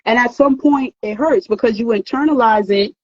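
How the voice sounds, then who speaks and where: A woman's voice: a little high, normal speed, a little mellow, no echo, dull audio. A woman giving earnest, emphatic advice in a casual talk, often repeating words as she goes. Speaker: therapist host.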